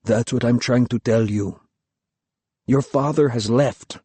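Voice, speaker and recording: A man voicing a kind, gentle young male warrior who speaks softly and calmly in an audiobook. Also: mid-range voice, takes it slowly, breathy edge, no room sound. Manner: soft-spoken, calm.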